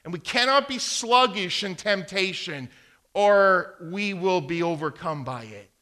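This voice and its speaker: During a sermon, a man reads scripture aloud and repeats phrases for emphasis, his volume swelling and dropping. His voice is high, bright, and expressive, with a forceful tone and a slightly slow pace.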